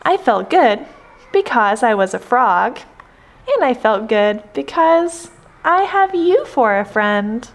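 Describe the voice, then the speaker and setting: A gentle, contented male frog from a storybook, as a woman reading aloud puts him on. He speaks high and slowly, calm and pleased with his day. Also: heavily acted.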